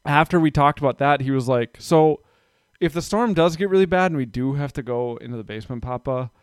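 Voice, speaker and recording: A man's voice: a little high, fairly quick, clean tone, no echo. Thirties man telling family stories casually, dry recording. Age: 30s. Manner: rambling, animated retellings with voices for his kids. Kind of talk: casual chat.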